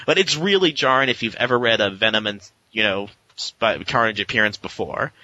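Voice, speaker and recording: A man talking through a comic book issue in a loose, rambling podcast chat, now and then popping into a quick voice for a character. His voice is very bright and forceful. The recording is dry and a little dull. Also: on the low side, dry recording. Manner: rambling recap, with animated quoted voices. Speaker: podcast co-host.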